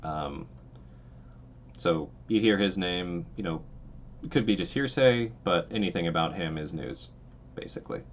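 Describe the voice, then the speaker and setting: Deep-voiced game master narrating casually. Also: male voice, unhurried, a little hiss or hum. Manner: relaxed and meandering, with many fillers.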